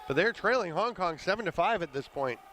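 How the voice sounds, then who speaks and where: A man calling a live lacrosse game play by play, brisk and conversational, with the odd chuckle. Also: high-pitched, lively intonation, a bit bright, soft background music, some chatter behind. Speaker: play-by-play commentator. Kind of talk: live sports commentary.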